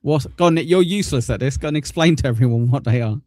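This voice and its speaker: A man co-hosting a podcast in a loose, teasing way, with laughter scattered through his talk. His pitch sits in an ordinary middle range. He is on a close mic with a dry sound and almost no room echo. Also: quick pace, warm tone. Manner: laughs often, teasing and banter-heavy. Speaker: co-host. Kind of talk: casual podcast chat reacting to clips.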